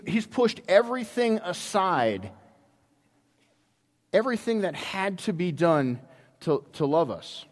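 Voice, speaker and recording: A man preaching a sermon in a church, telling a story with many halting restarts. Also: high-pitched, darkish tone. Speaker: pastor. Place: church sanctuary. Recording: long hall reverb.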